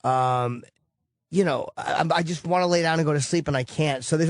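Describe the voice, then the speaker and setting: Cranky ny guy ranting and swearing on a call-in show, kinda high voice, dry close mic. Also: normal speed, no echo. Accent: New York. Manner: blunt, profane, ranting. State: tired, cranky. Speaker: host.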